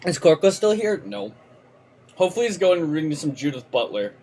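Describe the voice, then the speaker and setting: Fairly low-pitched and fairly quick, a young adult woman talks through her live game stream, ranting with lots of cursing and lively energy.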